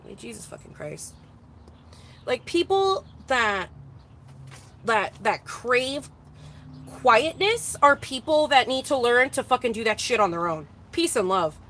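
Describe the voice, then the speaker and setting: A woman's voice: on the high side, lively intonation, unhurried, fairly bright tone, a little hiss or hum. A woman ranting casually to her viewers, exasperated, swearing constantly and restarting her sentences. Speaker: streamer. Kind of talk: casual venting monologue.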